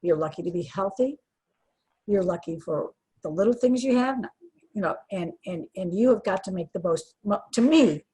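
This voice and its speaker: A woman's voice: mid-range voice, animated, normal speed, warm tone, husky, poor audio. An older woman speaking earnestly and from the heart as an interview guest, with frequent restarts. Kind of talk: emotional personal interview.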